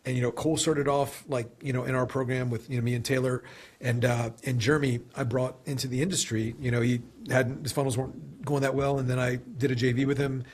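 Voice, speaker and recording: Guy on a podcast, kinda husky, rambling and reflective, lots of "you know". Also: mid-range voice, flat delivery, a little fast. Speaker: podcast guest, sales leader. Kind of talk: conversational interview.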